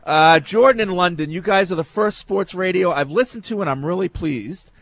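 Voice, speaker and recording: A man's voice: high-pitched, normal speed, no echo. A man hosting a sports radio show, reading listener emails aloud with wry asides. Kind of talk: casual sports radio chat.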